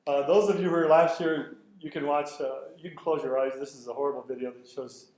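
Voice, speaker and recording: A middle-aged man giving a conference lecture, telling lively anecdotes and acting out the quoted exchanges. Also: fairly high pitch, brisk. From Canada. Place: lecture hall. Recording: very echoey hall with faint noise.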